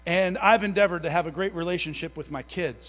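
A man in his thirties delivers a conversational sermon in a fairly high voice, mixing folksy family stories with self-deprecating jokes. He builds to slow, emphatic conviction. The sound is narrow and phone-like, with a long hall echo trailing behind it. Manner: builds to a louder, slower fervor. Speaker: preacher.

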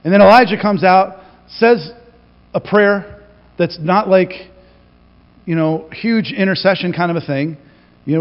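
A man preaching a sermon as pastor, telling the story with animated delivery and acting out the quoted lines. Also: fairly high pitch, normal speed. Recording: reverberant, dull lo-fi hall recording.

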